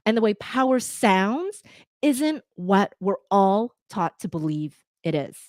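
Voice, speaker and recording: A woman from Canada with a North American accent, a podcast editor talking to listeners in a lively, conversational way with fillers. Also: medium pitch, slow, dry recording, studio quality. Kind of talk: talk to listeners.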